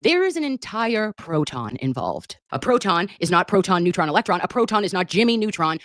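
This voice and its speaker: A woman's voice: medium pitch, no echo, clean studio sound. A woman commentator ranting in a mocking, sarcastic and profane way. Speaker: online commentator. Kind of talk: sarcastic vlog rant.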